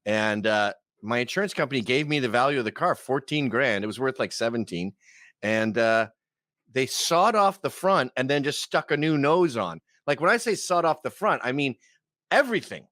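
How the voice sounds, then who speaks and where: A man's voice: mid-range voice, expressive, normal speed, a bit bright, dry recording, clean studio sound. A man guesting on a podcast, telling crude, rambling stories in casual chat.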